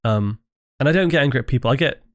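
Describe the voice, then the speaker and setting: A British man hosts a casual livestream into a desk microphone, talking fast in an expressive, medium-pitched voice. He rambles, interrupts himself to restart sentences, and swears and laughs easily. The sound is dry and clean, like a studio.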